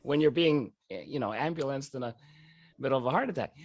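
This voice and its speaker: Lively man laughing through a story. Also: medium pitch, quick pace, dry recording. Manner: laughs often while telling the story; lively, animated delivery. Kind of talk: personal storytelling.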